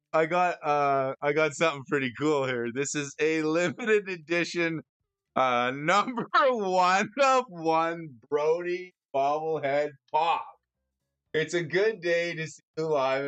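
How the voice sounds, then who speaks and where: A man streaming casually, excitable and often stammering through restarts as he talks about cards and gifts. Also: a little high, measured pace, no echo. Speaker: streamer discussing card prices. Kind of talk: casual live-stream chat.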